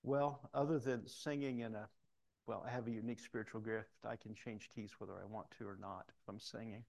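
This middle-aged preacher speaks briskly in a lowish voice that's creaky and a little mellow, with fairly even intonation. His sermon weaves in personal stories, and he takes on the voices of people he quotes.

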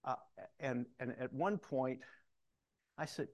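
A man's voice: mid-range voice, slow, pauses often. A middle-aged man preaching a sermon, telling personal stories and acting out the voices of people he quotes. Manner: storytelling, acts out voices in quoted lines.

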